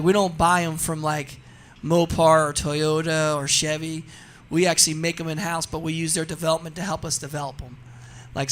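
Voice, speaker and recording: Radio guest, a man with a high voice, chatty and animated, laughing easily. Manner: animated storyteller, laughs often, says "you know what I mean". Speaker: racing guest. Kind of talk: casual radio interview chat.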